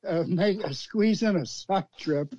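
A man calling in to a show, sarcastic and joking in a halting way. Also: sits high, a little mellow, dry recording. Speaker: caller. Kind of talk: casual chat. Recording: dull line with faint noise.

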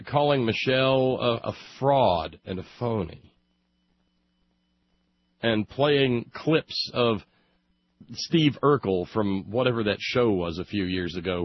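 His voice on the low side, a man working as a radio commentator rolls through a long sarcastic monologue that climbs toward comic outbursts. There's no echo, though the recording sounds muffled and lo-fi.

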